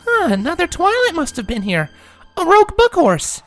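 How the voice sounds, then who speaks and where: A man's voice: very high voice, huge pitch swings, normal speed, soft background music, voice pushed up, exaggerated voice. A man voicing a carefree young female pony who talks in an airy, unbothered way. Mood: breezy.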